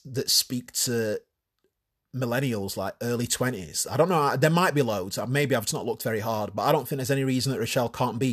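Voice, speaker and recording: A man talking alone on his podcast at a medium pitch. He chats casually and bluntly, swearing freely and poking fun at himself. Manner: casual, crude, swears freely, self-mocking. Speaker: podcast host. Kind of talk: solo podcast chat.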